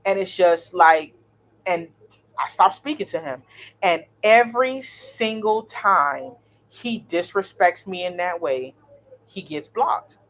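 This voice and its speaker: A woman, in her thirties, telling a story in a blunt, animated, cursing vlog style. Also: on the low side. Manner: blunt, animated, swears freely. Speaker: vlogger.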